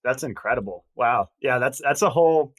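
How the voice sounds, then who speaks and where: A man with an ordinary mid-range voice hosts a podcast. He reacts warmly to his guest and adds his own reflections at an easy pace. The recording is dry and close. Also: mid-range voice, animated, moderate pace, dry recording. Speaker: podcast host. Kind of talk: casual podcast interview.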